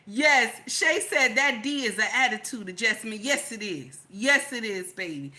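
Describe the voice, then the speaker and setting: A woman with a high, bright voice hosts a casual live stream and reads her viewers' comments aloud. She talks in a sassy, teasing, chatty way, and often breaks into loud laughing outbursts. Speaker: live stream host reading chat.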